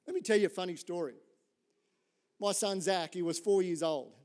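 A middle-aged Australian pastor with a fairly high voice delivers a storytelling sermon at a moderate pace. He's animated and chatty, constantly throwing "right?" at his listeners while shifting smoothly between jokes and sincere points.

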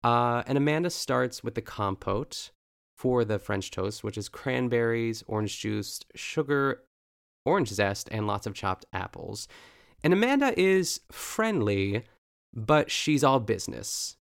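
A man's voice: medium pitch, expressive, measured pace, gravelly, smooth. A man recapping a cooking show episode in casual, rambling chat, full of fillers and self-corrections.

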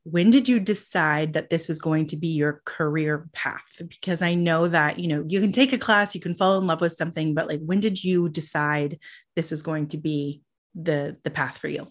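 A woman hosting a podcast, with a slightly low voice. She talks in a casual, gushing and enthusiastic way and uses lots of fillers. It sounds like an easy chat with a friend. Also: normal speed. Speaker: podcast host.

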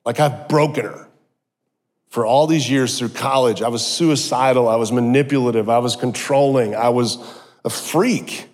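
A middle-aged man giving a personal testimony sermon, telling his story with animated energy and joking asides. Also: medium pitch, normal speed. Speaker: guest speaker. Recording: long hall reverb.

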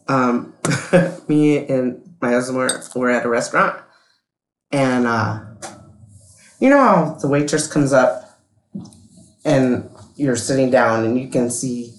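A woman's voice: extremely low pitch, roomy sound, a little hiss or hum, rough recording. A woman co-hosting a podcast in casual chat, talking hesitantly with many fillers. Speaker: podcast co-host.

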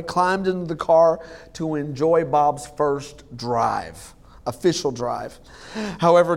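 Pastor with a slightly high voice. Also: male voice. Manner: jokey, laughs often at his own jokes; halting, with many fillers and restarts. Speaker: lead pastor. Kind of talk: sermon.

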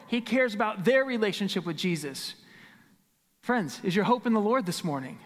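A middle-aged man preaching a sermon as pastor, earnest, repeating key phrases and dropping to a hush for emphasis. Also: high-pitched, lively intonation, fast talker. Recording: long hall reverb.

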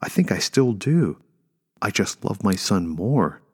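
A man voicing a desperate young mother who pleads and snaps with impatience, his voice rising high and strained. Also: sing-song, a little slow, husky, long reverb tail, heavily acted. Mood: pleading. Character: desperate young mother, woman betraying former lover.

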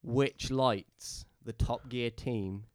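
A man's voice: mid-range voice, fairly even intonation, drawn-out words, darkish tone, no room sound. A young man hosting a casual podcast, chatty and laughing as quizmaster. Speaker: podcast host.

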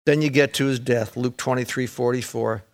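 A man preaching a sermon in a folksy way, peppering his talk with "man" and "folks", swinging between raised excited passages and hushed, intense ones. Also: mid-range voice, moderate pace. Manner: folksy, says "man" and "folks", repeats words. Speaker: pastor.

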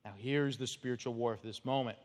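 A man's voice: medium pitch, brisk. Man preaching in a reverberant church. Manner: conversational, animated storytelling. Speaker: pastor. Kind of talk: expository sermon. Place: church sanctuary. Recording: long church hall reverb.

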